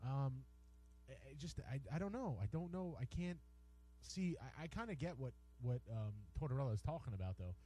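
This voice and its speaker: A man's voice: mid-range voice, animated, fairly quick, dark tone, low-quality recording. An American man co-hosting a casual sports radio show, hesitant and full of repeated words, ribbing his partner. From United States. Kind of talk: casual bantering sports talk. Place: radio studio.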